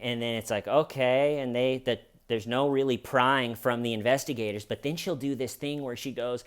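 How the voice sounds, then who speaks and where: A man giving casual true crime commentary in a sarcastic tone, acting out quotes in a mocking high voice. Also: steady tone, moderate pace, hardly any pauses, clean tone.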